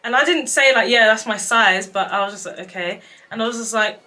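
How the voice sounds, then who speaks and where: Bright-voiced young woman telling stories. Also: a little high, a little fast. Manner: animated, acts out quotes, laughs often. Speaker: vlogger telling dating stories. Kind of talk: casual storytelling chat.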